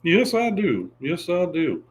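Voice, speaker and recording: A man imitating a slow, fussy middle-aged cartoon propane salesman. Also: fairly high pitch, huge pitch swings, voice pushed up, exaggerated voice. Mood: folksy.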